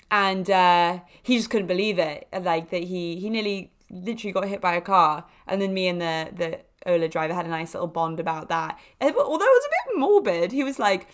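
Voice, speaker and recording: A young woman hosting a podcast, telling casual stories in a chatty, animated way with frequent laughs and fillers. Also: lowish voice. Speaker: podcast host. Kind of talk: casual storytelling monologue.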